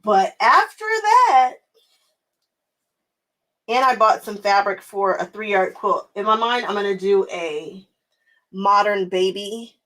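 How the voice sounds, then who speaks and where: A woman's voice: medium pitch, fairly even intonation, a little slow, bright, forceful tone, low-quality recording. A young woman hosting her quilting channel, chatting casually with viewers while she works, often laughing and answering them by name. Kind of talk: casual chat while crafting.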